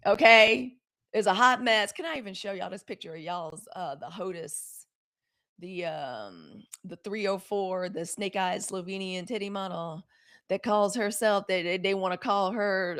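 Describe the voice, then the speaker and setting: A woman hosting a live news stream, talking straight to her viewers in a sassy, animated way. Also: mid-range voice. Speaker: host of a daily live news show. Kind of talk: casual live-stream commentary.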